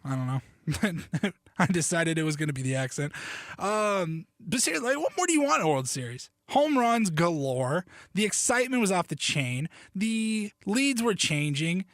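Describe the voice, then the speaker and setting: A man talking on his solo sports podcast in a bright, high-pitched voice. He rambles in a joking, animated way, drops the odd curse and keeps cutting himself off to restart. The recording is close and dry, with no room sound. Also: normal speed, no echo. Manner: animated, joking, loose and profane; self-interrupting, restarts sentences. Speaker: podcast host.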